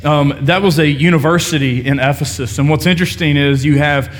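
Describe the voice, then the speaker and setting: A man's voice: fairly high pitch, steady tone, a little fast. A man preaching a sermon, telling a self-deprecating story before turning to scripture. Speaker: pastor. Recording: long reverb of a large hall.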